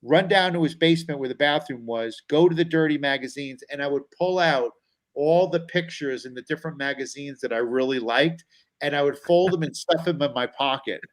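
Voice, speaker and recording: A man's voice: fairly high pitch, brisk, poor audio. A middle-aged man, a comedian guest on a talk show, telling a personal story and acting out the voices of people in it. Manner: animated storyteller, acts out quoted voices.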